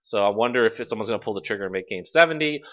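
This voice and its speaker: A man hosts a casual gaming podcast in a bright, lively voice that swings up and down. He jokes and swears freely. The recording is slightly dull and lo-fi. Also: lowish voice, very fast. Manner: animated, profane, jokey. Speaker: podcast host. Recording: lo-fi audio.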